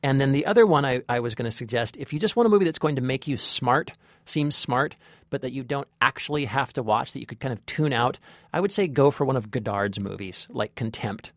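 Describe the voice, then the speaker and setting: Man, podcast co-host, animated intonation, dry sound, halting delivery. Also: mid-range voice, no echo. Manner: hesitant restarts, laughs often. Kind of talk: casual movie chat.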